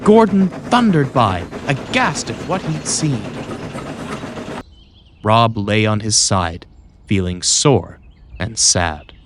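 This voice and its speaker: A man narrating a children's storybook in a scripted, expressive way. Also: lowish voice, takes it slowly, long pauses, a little hiss or hum. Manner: expressive, voices every character. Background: music.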